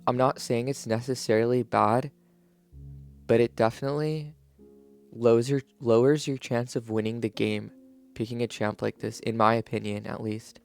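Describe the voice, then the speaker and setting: A video creator reviews game patch notes in his just-woke-up morning voice, medium-pitched, gravelly, and a little mellow, with a steady tone at normal speed. His casual commentary rambles, restarts often, and leans heavily on "like," with faint music behind him.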